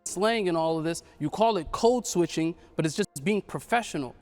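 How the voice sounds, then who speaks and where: Guy in a panel making his point hard, kinda high voice. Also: normal speed, soft background music. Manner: assertive, emphatic. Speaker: hip hop platform runner. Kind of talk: panel discussion.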